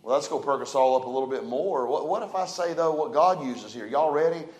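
A man preaching a sermon, his voice sitting high for a man. He talks in a folksy way, rising loud and falling quiet. The sound rings around a roomy church sanctuary. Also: lively intonation, fast talker. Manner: folksy, dynamic preaching with big swings in loudness. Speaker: pastor. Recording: echoey church room.

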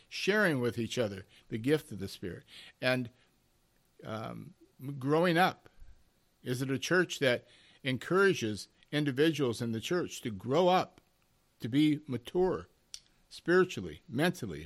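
A man's voice: mid-range voice, very animated, unhurried. Emphatic male Bible preacher. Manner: emphatic, with rising and falling intensity and rhetorical questions; addresses listeners as "beloved". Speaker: Bible teacher.

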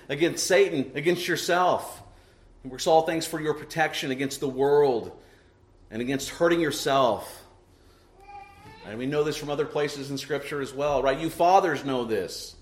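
A man's voice: fairly high pitch, moderate pace. A middle-aged man preaching a sermon to his congregation, emphatic and full of rhetorical questions tagged with "right?". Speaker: pastor. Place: church sanctuary. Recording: echoey church room.

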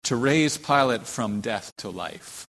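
A pastor with a medium-pitched, creaky, fairly bright voice preaches slowly and with animation. His sermon is dramatic, and he takes on the voices of the people he quotes with rising emphasis, in an echoing church hall.

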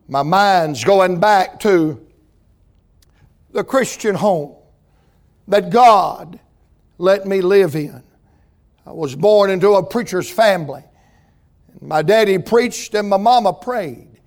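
Male pastor, high voice, rhythmic storytelling sermon delivery. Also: slow, long pauses. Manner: storytelling preacher, rhythmic repetition.

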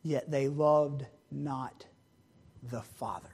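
A man's voice: steady tone, takes it slowly, slightly rough. A man preaching a sermon, acting out the characters of a parable in dramatic voices. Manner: acts out the parable characters with big shifts in pitch and loudness.

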